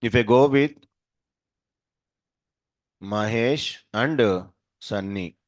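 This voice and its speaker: A male programming teacher runs a live coding class by posing short questions and answering them himself. His mid-range voice moves very slowly, and the dry lo-fi recording sounds dull.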